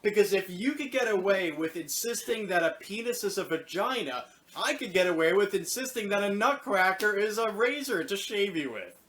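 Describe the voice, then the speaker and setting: A woman's voice: medium pitch, animated, normal speed, hardly any pauses, a bit bright. A woman co-host chatting casually and agreeing along with the main speaker. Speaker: podcast co-host. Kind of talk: casual talk.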